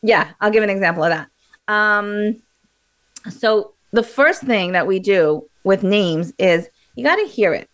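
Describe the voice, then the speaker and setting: A woman being interviewed as a memory coach, explaining in a lively, teacherly way and acting out examples. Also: mid-range voice, unhurried.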